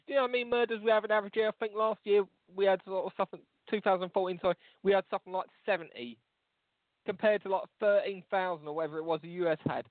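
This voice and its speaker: A podcast co-host with a high, steady voice talks very fast in crude, mocking, rambling comedy banter. The sound is dry and lo-fi, like a phone, with no echo.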